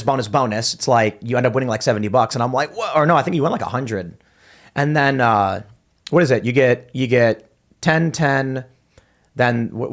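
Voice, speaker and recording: Rambling male livestream host. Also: mid-range voice. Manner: rambling, storytelling with many restarts and fillers. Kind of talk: casual chat.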